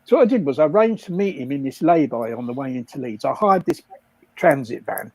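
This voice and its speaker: A man's voice: mid-range voice, expressive, fairly quick, dry recording, rough recording. An older man casually telling rambling stories, laughing often at his own jokes. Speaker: guest storyteller.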